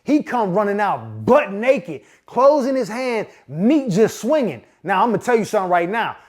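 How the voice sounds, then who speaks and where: A man's voice: high voice, normal speed. A man in his forties from Pittsburgh, telling a comedic personal story in casual slang with frequent asides to the listener. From Pittsburgh, USA. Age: 40s. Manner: animated, slangy, acts out the people in his story; frequent asides of "you know what I'm saying". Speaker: podcast host.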